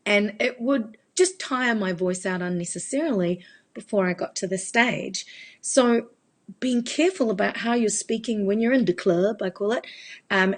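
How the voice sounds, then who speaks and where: A woman, giving a chatty live Q&A as a vocal coach. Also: medium pitch. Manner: chatty, explanatory, demonstrates voice changes. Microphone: phone.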